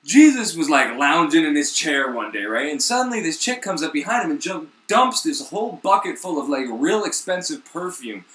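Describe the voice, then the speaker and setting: A young man rambles through a story in loose slang and plenty of swearing, his fairly high voice bright and bouncing around in pitch. He is recorded in an echoey room. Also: very animated, moderate pace, hardly any pauses. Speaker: host. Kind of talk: casual comedic retelling.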